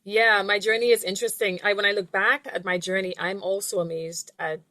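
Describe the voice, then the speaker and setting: A woman guest on an interview podcast, a money and life coach, speaking in an earnest, measured way. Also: medium pitch, fairly even intonation, bright, forceful tone, dry recording. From outside the US. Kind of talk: reflective interview answers.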